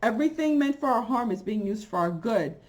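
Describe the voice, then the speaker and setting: A woman's voice: fairly high pitch, lively intonation, fairly quick, a little mellow. A middle-aged woman, a holistic coach, talking to camera in a blunt, rambling, conversational way. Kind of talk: casual monologue to camera.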